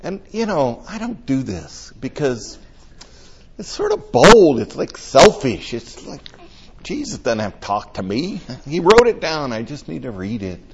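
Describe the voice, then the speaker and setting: A man's voice: mid-range voice, big pitch swings, a little slow, a crowd in the background. Older man preaching, lo-fi. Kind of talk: conversational sermon.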